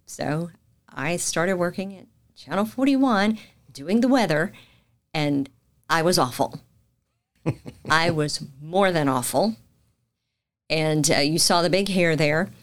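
A woman's voice: low voice, lively intonation, slow, long pauses. A middle-aged woman with a Southern accent, a news anchor telling her career story as a guest in a casual interview, acting out the lines she quotes. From Macon, Georgia.

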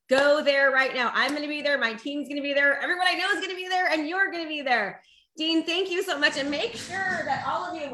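A woman host promoting an event, gushing and excited. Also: high voice, echoey room.

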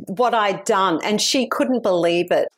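A woman's voice: medium pitch, measured pace. A woman from Australia with an Australian accent, hosting an interview and telling stories in a chatty way, laughing often. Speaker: podcast host. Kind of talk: casual interview chat.

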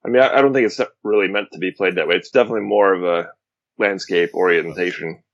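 A man co-hosting a casual gaming chat, relaxed and hesitant, with many fillers. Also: low voice, fast, creaky, no echo, muffled recording.

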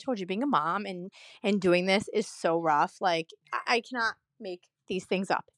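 A woman's voice: mid-range voice, moderate pace, fairly bright tone, no room sound. A woman from a dental office telling a story to camera in a chatty, rambling way, full of fillers and emphatic asides. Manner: indignant, emphatic retelling.

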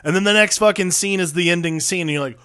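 A man co-hosting a casual film discussion podcast, talking in an animated way, swearing freely and acting out lines he quotes. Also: sits high, quick pace. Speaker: podcast co-host.

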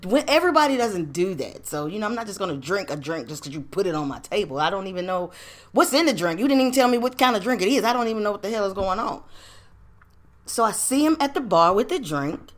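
A woman's voice: mid-range voice, lively intonation, fast. A woman hosting a podcast, telling a personal story in casual, slangy, profane talk full of rhetorical questions. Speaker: podcast host.

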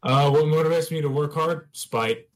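A man's voice: on the high side, moderate pace. An American man co-hosting a casual podcast, blunt and swearing freely, griping with humor. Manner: blunt, swears a lot, gripes with a grin. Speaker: podcast co-host. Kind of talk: casual chat.

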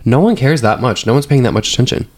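A man's voice: mid-range voice, animated, fast. A man co-hosting a casual podcast, talking loosely with a lot of "like" and fillers. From Britain. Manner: rambling, filler-heavy, says "like" a lot. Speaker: podcast co-host. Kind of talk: casual chat.

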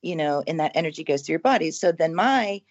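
A woman's voice: sits low, lively intonation, fast talker, lo-fi sound. A woman chatting casually as a podcast guest, earnest and rambling, with many fillers and restarts. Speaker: haunted house owner and author, guest.

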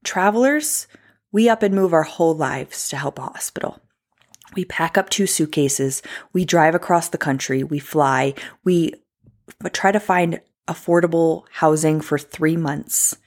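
A woman in her thirties speaks straight to camera in a personal vlog, impassioned and emphatic as she tells her own story. Her voice sits a little low for a woman. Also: unhurried, darkish tone. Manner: impassioned, emphatic, addressing viewers directly. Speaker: traveling ultrasound tech and speaker.

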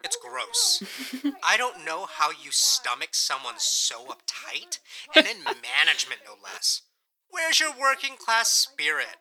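A woman's voice: on the low side, huge pitch swings, unhurried, bright, forceful tone, heavily acted, low-quality recording. A woman voicing a blunt, sarcastic young man who teases his friend in crude language. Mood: teasing. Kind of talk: audio drama acting.

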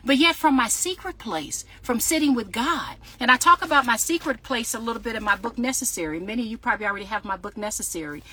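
A woman's voice: on the high side, expressive, fast, few pauses, pushed and bright. A woman podcaster and author preaching in a casual livestream from her parked car, talking straight to her viewers with fervor and reading out their comments. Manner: fervent, talks straight to viewers, reads out comments. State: sweating in a hot car. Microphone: phone livestream.

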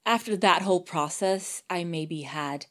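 A woman audio drama producer and voice actor in casual conversation. Her voice sits a little low, and she thinks aloud with fillers and restarts. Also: a little slow. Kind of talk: casual chat.

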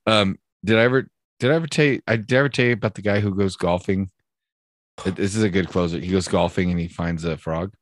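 A man's voice: deep voice, fast talker. A man hosting a show, telling a long joke in a loose, rambling way. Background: guitar music.

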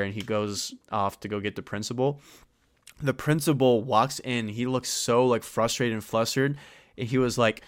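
A young man co-hosting a podcast, telling a rambling, profane story in casual chat and getting animated as he retells it. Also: mid-range voice, normal speed, smooth, dry recording, clean studio sound. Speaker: podcast co-host.

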